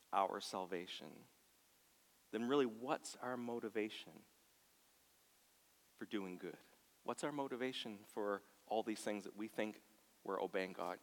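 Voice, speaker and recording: A man preaching a sermon in a church. He moves from soft, near-whispered lines to loud, passionate bursts and acts out quoted voices. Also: on the low side, a little slow, long pauses. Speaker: pastor. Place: church sanctuary. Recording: long hall reverb.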